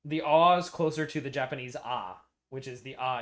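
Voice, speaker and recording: A man's voice: medium pitch, moderate pace, fairly bright tone. An American man streaming, chatting casually and playfully arguing, muttering to himself while he debugs code. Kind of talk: casual livestream chat while coding.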